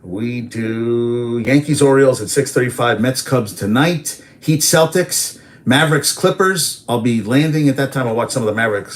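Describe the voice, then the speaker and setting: Casting: excitable rambling male sports host, mid-pitched, casual. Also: slight background noise. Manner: rambling, excitable, repeats himself. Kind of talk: casual solo sports talk.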